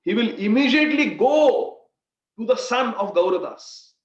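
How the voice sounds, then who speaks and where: A man's voice: very high-pitched, lively intonation, normal speed. A man leading a devotional scripture class, explaining with stories and addressing listeners as dear friends. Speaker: scripture teacher. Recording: roomy, dull lo-fi sound.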